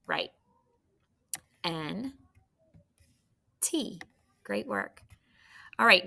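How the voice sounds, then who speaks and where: A woman teaching a recorded phonics lesson to children, encouraging and clearly sounding out syllables. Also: mid-range voice, pushed and bright.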